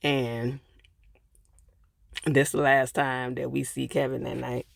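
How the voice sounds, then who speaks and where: A man's voice: medium pitch, flat delivery, takes it slowly, creaky, no room sound. A man casually retelling a TV episode, with loose, chatty asides. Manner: loose, conversational retelling with lots of filler asides. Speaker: TV episode reviewer.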